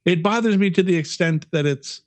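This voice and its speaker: A man's voice: high voice, a little fast, dry recording. A man co-hosting a casual podcast chat, talking bluntly with plenty of swearing and stammered restarts. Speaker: podcast co-host.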